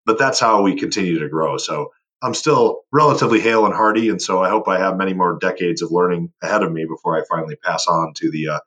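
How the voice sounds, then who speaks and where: Guest, male, deep husky voice, driven and emphatic, interview chat. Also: fast, a bit bright. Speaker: guest, board game company owner. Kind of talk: casual podcast interview.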